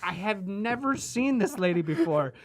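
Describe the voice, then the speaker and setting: A man's voice: high-pitched, expressive, moderate pace. A young man casually telling stories on a podcast, rambling and repeating "like" as he restarts his lines. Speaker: podcast co-host. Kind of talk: casual storytelling chat.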